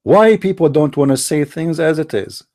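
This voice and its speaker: A man's voice: fairly high pitch, lively intonation, moderate pace, a little mellow. A man hosting a live call-in show, talking bluntly and mockingly in broken grammar. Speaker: host of a live call-in challenge. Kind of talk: unscripted live talk.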